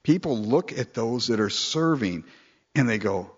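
A man preaches a sermon in an animated, conversational way. His voice is a little husky and sits at a middle pitch. The recording sounds dull and lo-fi. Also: measured pace. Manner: conversational, animated, mimics people in falsetto quotes.

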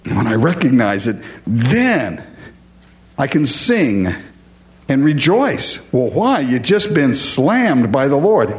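A man's voice: mid-range voice, very animated, slow pace, lo-fi sound. A man preaching a sermon, earnest and emphatic, often calling his listeners folks. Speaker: pastor.

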